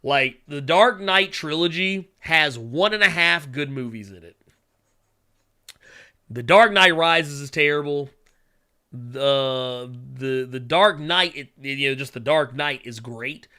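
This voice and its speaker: A man's voice: a little high, takes it slowly, bright, forceful tone. A man hosting a casual solo show, rambling with many fillers, humming while he reads viewer chat and turning blunt and profane when he rants. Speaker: podcast host.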